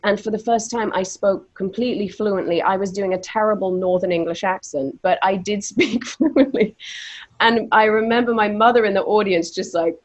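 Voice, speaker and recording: A woman who stutters at times, telling stories in a lively way while moderating a panel on a video call. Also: medium pitch, normal speed. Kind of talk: casual conversation on a video panel.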